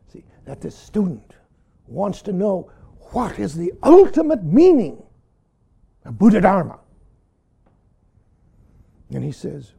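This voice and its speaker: An older man giving a Zen dharma talk as teacher, who keeps saying "see" and swings between loud emphasis and hushed whispers. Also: high voice, gravelly, slightly rough.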